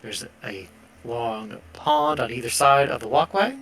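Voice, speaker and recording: A man narrating a tabletop game as game master, relaxed and hesitant, with frequent fillers. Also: mid-range voice, measured pace, crowd noise.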